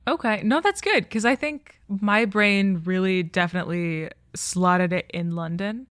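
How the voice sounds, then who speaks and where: A woman's voice: mid-range voice, measured pace, no echo. Woman podcast host, dry and close. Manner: thoughtful, hedging with "I think" and "like". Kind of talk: casual film review chat.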